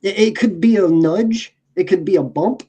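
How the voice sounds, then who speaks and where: A man's voice: high-pitched, normal speed, warm tone. A man talking sports casually as a podcast co-host, emphatic and profane, often restarting his sentences.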